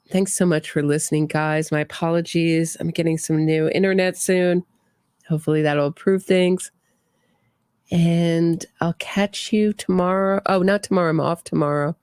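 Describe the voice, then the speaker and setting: A woman's voice: sits low, darkish tone, no room sound, studio quality. A middle-aged woman hosting a casual true crime livestream, giving opinions and reading viewer comments aloud.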